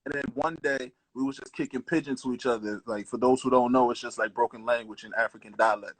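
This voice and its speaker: A man's voice: mid-range voice, steady tone, quick pace, dry recording, poor audio. A young adult man co-hosting a casual podcast, telling a laid-back, slangy story and acting out the lines people said to him. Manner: laid-back, slangy, acts out quoted dialogue. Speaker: podcast co-host.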